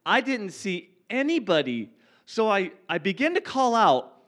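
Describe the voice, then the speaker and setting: A man telling a personal testimony to a congregation, earnest, building from quiet reflection to impassioned intensity. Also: high voice, very animated, measured pace. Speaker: speaker sharing a personal testimony.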